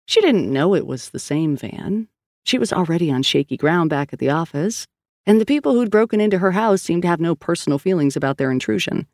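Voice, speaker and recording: Gravelly-voiced woman narrating a thriller. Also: on the low side, a little mellow, no room sound, clean studio sound. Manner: clipped, terse storytelling. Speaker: audiobook narrator. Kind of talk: scripted narration.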